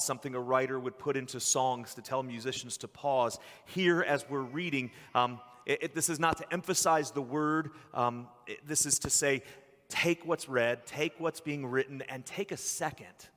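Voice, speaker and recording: A man preaching a sermon as pastor, earnest, with long pauses and some restarts. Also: mid-range voice, fairly bright tone, big-room sound. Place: church sanctuary.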